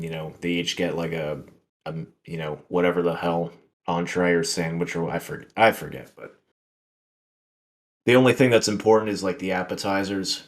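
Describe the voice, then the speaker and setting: A man hosting a podcast, telling a work story in a rambling, filler-heavy, profane way. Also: deep voice. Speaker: podcast host. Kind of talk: casual storytelling chat.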